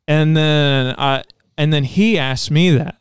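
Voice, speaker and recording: A man's voice: a little high, takes it slowly, clean tone, no room sound, studio quality. A man on a podcast sharing a personal testimony in casual chat, telling it earnestly and rambling, with many restarts. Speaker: podcast co-host.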